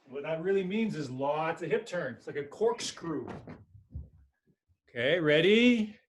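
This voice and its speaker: A male aikido instructor teaches an online class, calling out short technique cues as he demonstrates. His voice is on the high side, expressive and a little mellow, at a moderate pace. A distant laptop or camera mic picks him up in an echoey room.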